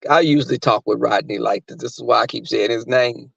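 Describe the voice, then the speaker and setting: Gravelly man in crude rambling chat. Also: medium pitch, fairly quick, fairly bright tone, no room sound. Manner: rambling, crude, often laughing. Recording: dry muffled recording.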